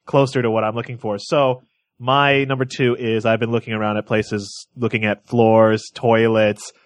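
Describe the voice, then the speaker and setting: A male podcast co-host chats casually, telling stories with animation and laughing often. His voice is medium-pitched at a moderate pace, in a dry recording.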